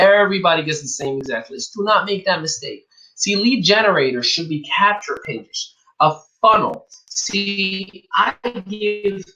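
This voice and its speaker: A man giving a motivational business talk as a coach, energetic, acting out both sides of sales conversations, with English as a second language. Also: sits high, rough recording. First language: not English.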